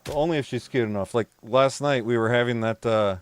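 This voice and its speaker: A man's voice: mid-range voice, fairly quick, clean tone. A man streaming a game and chatting casually with viewers, rambling, laughing often and swearing freely. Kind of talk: casual live-stream chat.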